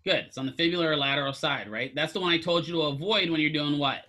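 A man's voice: a little high, fast, bright, forceful tone. A man teaching a physical therapy class, lecturing casually, quizzing students and throwing in jokes. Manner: asks students questions, casual joking asides.

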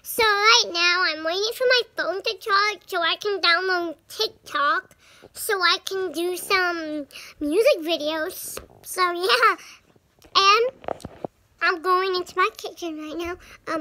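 A young girl of about nine chats through her home vlog in a bubbly, filler-filled way. Her voice sits very high and bright. She talks slowly and unhurriedly. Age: child, about 9. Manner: chatty, bubbly, full of fillers. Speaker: vlogger. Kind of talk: casual vlog chat.

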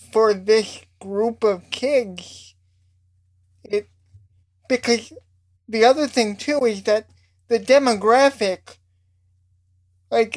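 A woman's voice: on the high side, darkish tone. A woman interviewing guests, asking thoughtful questions with many fillers.

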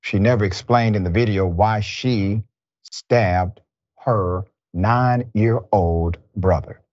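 A male show host delivering news commentary in a somber, deliberate manner. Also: on the low side, darkish tone, dry recording, lo-fi sound.

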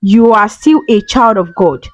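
A woman's voice: medium pitch, measured pace, soft background music, lightly acted. A woman voicing a kind village woman with a strong, fierce voice who protects a child. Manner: strong, firm, then kind.

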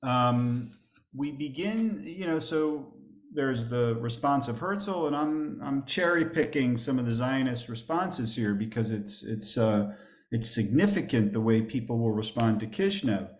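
Male rabbi lecturing from slides, mid-pitched, stop-start delivery, roomy echo. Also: expressive. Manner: halting, many fillers and restarts; reads quoted texts aloud with more emphasis. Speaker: rabbi teaching a class. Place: synagogue classroom.

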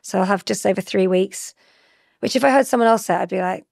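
A chatty woman in her forties with a gravelly, fry-tinged voice. She talks animatedly and laughs easily. She is recorded close on a dry studio mic. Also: mid-range voice, steady tone, fast, darkish tone, no echo. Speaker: guest. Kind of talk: conversational interview.

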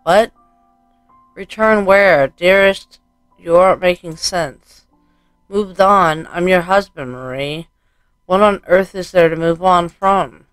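A man reads a horror game's text aloud in a slow, hushed, deliberate way. His voice sits a little high and comes through smooth and clear. The mic is dry and close, with faint music beneath. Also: no echo. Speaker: let's play gamer. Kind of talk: dramatic reading of game text.

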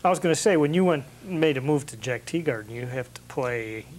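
A man's voice: mid-range voice, expressive, brisk, a little mellow, a little hiss or hum. A man interviewing a musician, asking curious questions and giving short affirmations. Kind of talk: casual interview.

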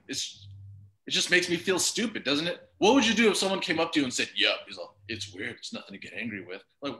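A man's voice: medium pitch, pushed and bright, low-quality recording. A man doing a rambling stand-up set over a video call, laid-back and self-mocking, swearing freely and a bit drunk.

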